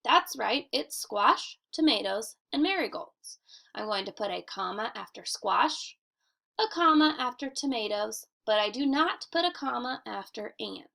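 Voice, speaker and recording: Woman teacher, recorded kids' lesson, unhurried and careful, gravelly edge to a bright voice. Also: on the high side, expressive. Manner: clear, deliberate teacher talk, slowing to model reading aloud. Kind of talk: recorded grammar lesson for children.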